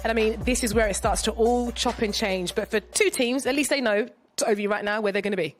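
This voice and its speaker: A woman presenting a post-game basketball show, brisk and upbeat, putting questions to her pundits. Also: fairly high pitch, faint music behind. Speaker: sports presenter.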